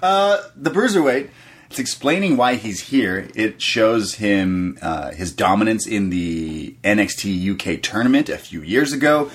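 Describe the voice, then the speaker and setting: A man's voice: lowish voice, animated. Chatty man co-hosting a wrestling podcast. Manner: chatty, agreeable, quick back-and-forth. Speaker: podcast co-host. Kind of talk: casual wrestling chat.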